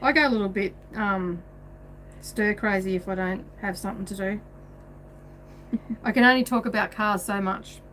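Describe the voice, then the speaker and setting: A woman hosting a casual craft tutorial from her home sewing room, chatty and quick to laugh. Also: medium pitch, fairly bright tone, a little hiss or hum. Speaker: craft livestream host.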